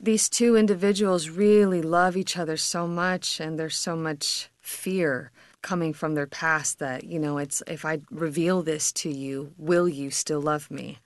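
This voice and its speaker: A woman stage actor answering interview questions in a soft, earnest, reflective way. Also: deep voice, steady tone, unhurried, no room sound.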